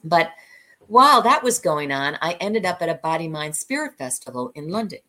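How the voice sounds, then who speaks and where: A woman guest, a cabaret singer, telling stories from her career in an animated, conversational way and laughing often. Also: low voice, normal speed. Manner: lively anecdotes, acting out the voices of people she quotes; laughs often mid-story.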